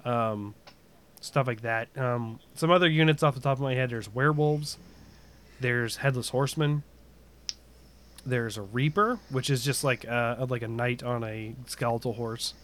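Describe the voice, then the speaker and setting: A man's voice: medium pitch, unhurried, fairly bright tone, slight background noise. A man chatting casually about a video game, rambling with lots of fillers and restarts.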